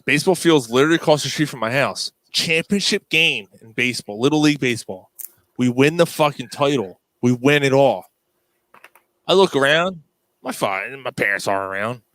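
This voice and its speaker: A man's voice: medium pitch, lively intonation, a little fast, fairly bright tone, no room sound. Profane joking man, podcast host. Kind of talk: casual sports chat.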